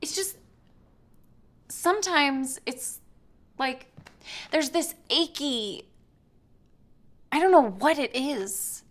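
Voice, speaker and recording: A woman's voice: sits high, animated, drawn-out words, pauses often, full character voice. An actress playing a frustrated young woman in a comedy sketch, anxiously venting to her partner. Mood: weary. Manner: anxious, complaining, wants to be heard.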